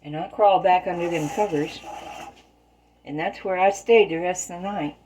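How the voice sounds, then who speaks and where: A woman's voice: on the low side, normal speed, a little mellow, slight background noise, poor audio. A woman telling folksy stories in plain, rural turns of phrase while she bakes in her home kitchen. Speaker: storyteller and home baker. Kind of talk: casual spoken storytelling while baking.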